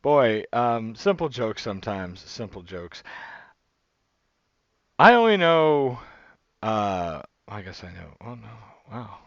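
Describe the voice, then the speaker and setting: A man's voice: lowish voice, big pitch swings, slow pace, a bit bright, dry recording, muffled recording. A man from the United States, hosting a casual reaction video with rambling, jokey asides.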